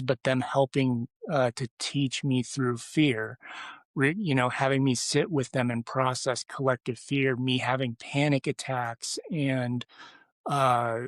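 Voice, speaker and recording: A man's voice: mid-range voice, steady tone, unhurried, no room sound. Man rambling through a story, dry sound. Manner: rambling, with many restarts and fillers. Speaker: podcast guest. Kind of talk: storytelling in casual conversation.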